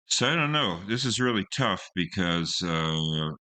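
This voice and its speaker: A man's voice: deep voice, sing-song, unhurried, pushed and bright, clear, resonant tone. A man hosting a song-reaction show, talking casually with many fillers and restarts. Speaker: host reviewing songs. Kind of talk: casual commentary.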